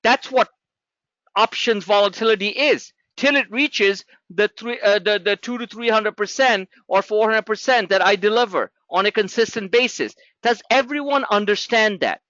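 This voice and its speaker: A man's voice: sits high, normal speed, pushed and bright, no echo, highs cut off. A man teaching a live trading class in a blunt, sarcastic, scolding way. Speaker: trading educator.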